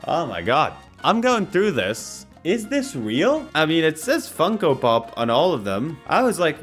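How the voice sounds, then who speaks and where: Guy youtuber chatting, laughs a lot, lively voice, bit of music in the back. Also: fairly high pitch. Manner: animated, laughs often, self-deprecating; rambling, restarts a lot. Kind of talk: casual commentary and storytelling.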